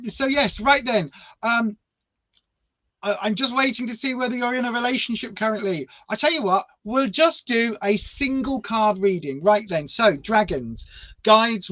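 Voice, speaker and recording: A man's voice: sits high, bright, forceful tone, a little hiss or hum, poor audio. A man chatting playfully on a live stream while giving tarot readings, calling his viewers "my darling". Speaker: tarot reader.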